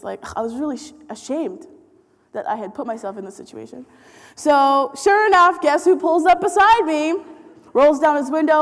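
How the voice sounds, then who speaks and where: Woman in her 30s, high voice, lively story talk w/ lots of laughs, big echoey hall. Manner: animated, acts out quotes, laughs often. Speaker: speaker. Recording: hall reverb.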